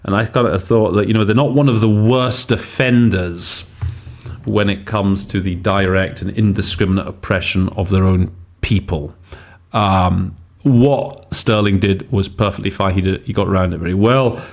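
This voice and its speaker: A man with a lowish voice hosts a casual teaching podcast. He talks through translation choices at an easy pace, pausing, restarting and thinking aloud as he goes. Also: fairly even intonation. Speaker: host and interpreting teacher.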